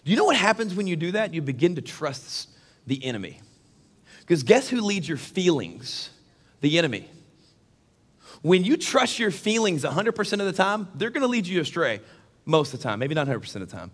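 A middle-aged man delivering a sermon in a conversational way, moving from hushed personal storytelling to loud, emphatic preaching. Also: a little high, sing-song, fairly quick. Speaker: pastor.

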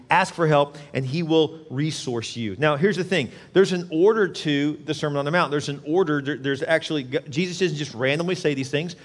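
Pastor guy preaching, kinda high voice, repeats himself a lot, big reverby hall. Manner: earnest, repetitive preaching with acted-out quotes. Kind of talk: sermon.

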